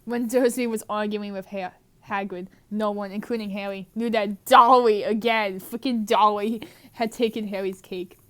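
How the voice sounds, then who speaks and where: A woman's voice: medium pitch, steady tone, moderate pace, a bit bright. A woman reading a mistranslated movie script aloud for comedy, laughing throughout. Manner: laughs constantly. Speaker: narrator.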